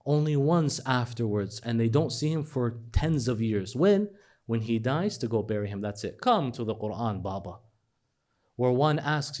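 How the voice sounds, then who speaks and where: A man preaching a lively sermon, retelling stories with acted dialogue and swinging from hushed lows to animated highs. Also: normal speed. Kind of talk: religious sermon.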